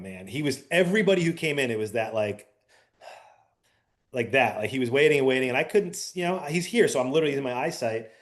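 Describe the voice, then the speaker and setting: A middle-aged man co-hosting a casual chat, telling a long story in an animated, rambling way with many fillers. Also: mid-range voice. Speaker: podcast co-host.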